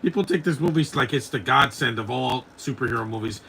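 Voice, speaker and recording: A man in his forties talks over a film in a live commentary podcast. His voice is bright and forceful at a middle pitch. He is blunt and opinionated, and he rambles from one gripe to the next. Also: lively intonation, brisk, creaky, a little hiss or hum. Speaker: podcast host.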